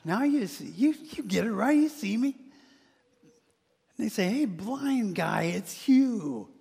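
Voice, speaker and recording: A man performing a first-person monologue as a formerly blind male beggar, eager and joyful, who talks haltingly and restarts and repeats words between excited exclamations. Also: sits high, vocal fry, slightly rough, in a large hall, heavily acted.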